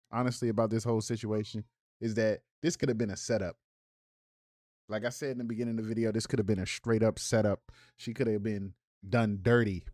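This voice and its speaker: A man's voice: lowish voice, mellow, dry recording, clean studio sound. Man giving mocking reaction commentary. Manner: mocking and incredulous, laughing, preachy rebukes. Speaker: commentator and host.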